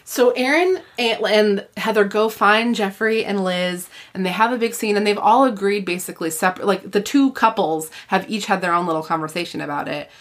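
A woman's voice: medium pitch, moderate pace, hardly any pauses. A woman co-hosting a podcast, chatting casually about a book with frequent laughs and fillers. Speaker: podcast co-host.

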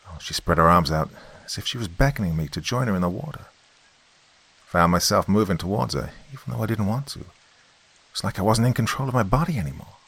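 A man's voice: lowish voice, expressive, a little fast, gravelly, fairly bright tone, husky, exaggerated voice. A man voicing a protective, stubborn uncle in a spoken horror story, talking in an urgent, shaken way.

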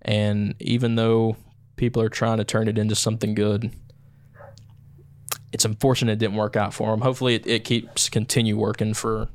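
A man's voice: on the low side, level tone, moderate pace. A man chatting casually as a podcast host, often restarting his sentences. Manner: stammering, self-restarting storyteller. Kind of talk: casual chat.

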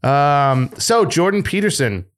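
A man's voice: on the high side, animated, a little slow. Podcast host guy, cursing and riffing, voice jumps around a lot. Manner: profane, jokey, mocking. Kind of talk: casual podcast banter.

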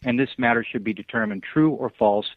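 A man being interviewed over the phone, talking earnestly and haltingly, with many fillers and restarts. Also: medium pitch, dry recording. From Southern California. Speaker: guest. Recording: dry, tinny phone line.

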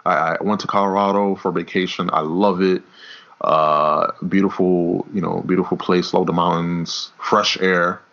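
A man's voice: sits low, level tone, moderate pace, a bit bright. A man co-hosting a casual wrestling podcast, rambling, repeating words and swearing as he goes. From New York. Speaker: podcast co-host. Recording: dull lo-fi audio.

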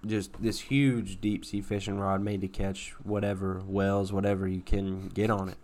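Low-voiced man rambling through a mock-serious tale. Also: flat delivery, normal speed, a little mellow. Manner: mock-earnest rambling storytelling, full of fillers and restarts. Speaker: podcast co-host. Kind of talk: casual chat, absurd tall tales.

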